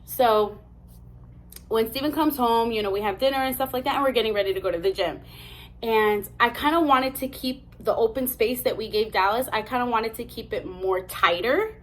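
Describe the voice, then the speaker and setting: A woman's voice: a little high, moderate pace, a bit bright. A young woman vlogger dramatically retelling a story, full of "I'm like" asides. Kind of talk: storytime narration.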